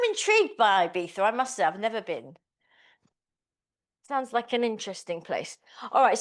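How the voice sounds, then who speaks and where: A woman teaching a small Pilates class, giving encouraging, chatty cues. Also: mid-range voice. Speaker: pilates instructor. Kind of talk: live class instruction.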